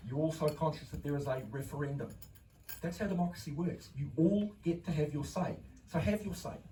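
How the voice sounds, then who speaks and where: A man with a New Zealand accent giving a measured candidate's speech at a public meeting, pausing on fillers. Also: mid-range voice, warm tone, slight background noise. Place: club hall at a public meeting. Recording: echoey hall, mic from far off.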